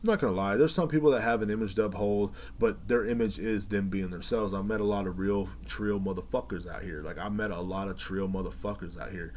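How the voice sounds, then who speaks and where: Man, low voice, podcast host, casual rambling monologue, lots of cursing and fillers. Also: fairly quick, few pauses, darkish tone, slight background noise. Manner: rambling profane storytelling, many fillers.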